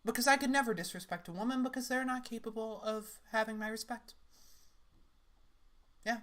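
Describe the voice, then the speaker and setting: A woman's voice: fairly high pitch, normal speed, fairly bright tone. A young woman making sarcastic, laughing, rambling comments as she reacts to clips.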